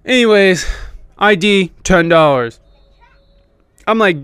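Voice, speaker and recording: A young man with a slightly high, smooth, clear voice tells a rambling, foul-mouthed story in a casual podcast monologue. He mocks himself as he goes, and the sound is close and dry, with no room around it. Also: measured pace, fairly bright tone, dry recording. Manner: rambling, profane, self-deprecating. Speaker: podcast host and band keyboardist.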